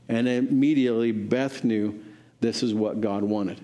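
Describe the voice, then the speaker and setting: A man's voice: fairly even intonation, unhurried, mellow. A man preaching, telling a story in a sermon and acting out the voices of the people in it. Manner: acts out quoted voices, pitch rising for characters.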